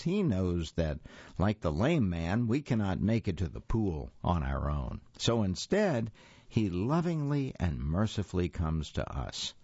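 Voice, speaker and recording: A deep-voiced man reads a daily devotional and scripture slowly and reverently, his intonation rising and falling a great deal. The recording is dry and a little muffled. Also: a little mellow, no room sound. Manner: measured, reverent reading. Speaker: devotional reader.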